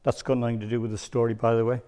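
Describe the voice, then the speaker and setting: An older man giving a church testimony as a rambling, hesitant storyteller with many pauses and ums. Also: mid-range voice, flat delivery, mellow. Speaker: church speaker. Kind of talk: sermon testimony.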